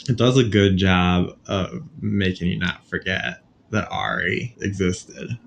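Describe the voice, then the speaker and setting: Man, podcast co-host, gravelly, lowish voice, joking, faint hiss behind. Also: slow pace. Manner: joking, sarcastic. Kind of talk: casual chat.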